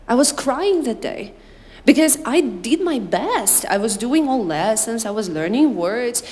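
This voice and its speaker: A woman's voice: on the high side, moderate pace. Uzbek-born woman teaching in a reverberant room. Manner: lively, animated, addresses class directly. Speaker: English teacher. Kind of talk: classroom instruction and anecdote. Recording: reverberant room, faint background noise.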